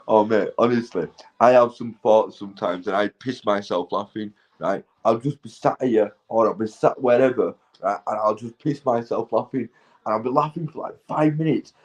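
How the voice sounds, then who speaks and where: A Northern English man in his forties, high and rambling as he chats to his stream viewers, swearing and laughing at himself. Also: a little slow, darkish tone, low-quality recording. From England. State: intoxicated. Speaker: livestreamer. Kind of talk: rambling casual chat to viewers.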